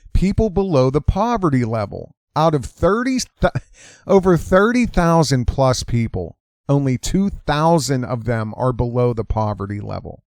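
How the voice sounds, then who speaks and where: A man of medium pitch and darkish tone hosts a ranting political commentary show, speaking in a heated, indignant, emphatic way. He's recorded close on a dry mic with no room sound.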